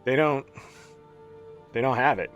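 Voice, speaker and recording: A man's voice: mid-range voice, measured pace, fairly bright tone, dull audio, faint music behind. A man giving a casual, profane, exasperated gaming rant as a content creator.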